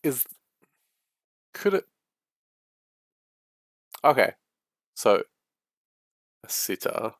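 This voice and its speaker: A man's voice: medium pitch, big pitch swings, drawn-out words, pauses often, no room sound, studio quality. A man casually reading a narrative game aloud and musing about it as he goes, swearing freely. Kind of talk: casual playthrough commentary.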